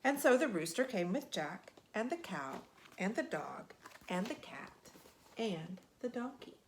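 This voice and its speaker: A woman reading a picture book aloud in an expressive, animated way. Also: medium pitch, a little slow, a little hiss or hum. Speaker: storyteller.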